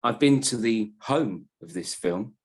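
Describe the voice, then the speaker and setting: A man's voice: lowish voice, expressive, unhurried. Rambling man on a football podcast. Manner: rambling, self-deprecating storyteller. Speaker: podcast panelist. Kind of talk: casual chat.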